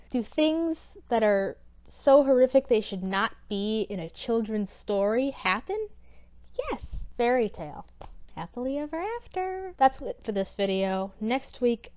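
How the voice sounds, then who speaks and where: A woman's voice: mid-range voice, normal speed, few pauses, a little mellow, clean tone. A young woman in her twenties casually retelling a scripture story to her channel, irreverent and wry. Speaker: YouTuber.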